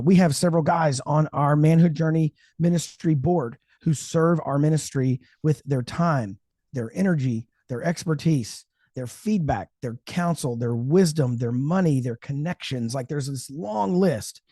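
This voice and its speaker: A man hosting a faith-based fathering podcast, chatting with his co-host in an energetic, enthusiastic way, sometimes slipping into a radio announcer voice. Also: on the high side, dry recording, studio quality. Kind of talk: casual podcast chat with ad read.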